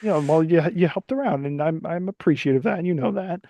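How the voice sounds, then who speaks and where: A man's voice: fairly high pitch, fast talker, dark tone, dry recording. A man playing his character in a tabletop role-play game, earnest and hesitant as he pleads his case. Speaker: player.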